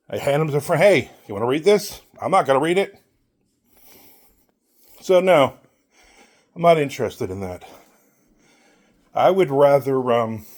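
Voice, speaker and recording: A man's voice: on the high side, a little mellow. A middle-aged man who hosts his own channel, giving a blunt, rambling opinion while out on a walk and acting out the people he quotes. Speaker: author and channel host. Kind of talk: casual opinion monologue while walking.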